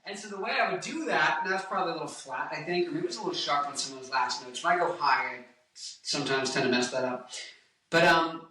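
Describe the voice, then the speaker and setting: A young man with a bright, forward voice chats loosely about singing and slips into quick sung lines between thoughts. He sounds a little away from the mic in a very echoey room. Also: on the high side, recorded from a distance. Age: 20s. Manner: rambling, jokey, breaks into song snippets. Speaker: singer and guitarist giving vocal tips. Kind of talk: casual vlog with sung demonstrations.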